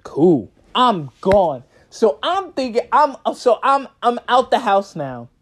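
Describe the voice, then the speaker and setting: A man's voice: high voice, very animated, slow, fairly bright tone. A young man telling a personal story in a casual, slangy storytime vlog, laughing as he goes.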